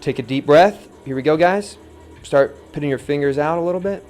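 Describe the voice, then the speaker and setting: A man's voice: a little high, brisk. Laid-back man teaching pottery live. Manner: relaxed, chatty, reads viewer comments, counts aloud softly. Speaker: potter demonstrating on the wheel. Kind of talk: live-streamed pottery demo, casual teaching. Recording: faint music in background.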